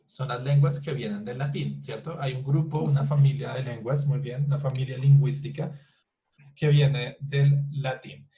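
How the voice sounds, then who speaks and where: A man's voice: medium pitch, steady tone, brisk, mellow, muffled recording, a little hiss or hum. Man teaching an English class. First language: Spanish. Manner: repeats words to model pronunciation, many restarts. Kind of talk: online class explanation.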